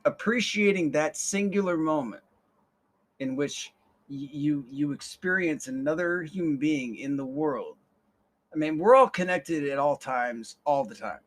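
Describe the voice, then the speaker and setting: A man's voice: fairly high pitch, a little slow. A young man hosting a podcast, telling a rambling story with casual swearing and a lot of repeated words. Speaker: podcast host.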